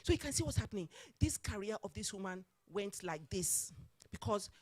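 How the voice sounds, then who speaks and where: A woman, speaking at a conference, telling a workplace story in an animated way. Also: mid-range voice, normal speed, husky. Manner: animated, acts out dialogue, laughs often. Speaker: conference speaker, former HR manager. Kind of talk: storytelling talk.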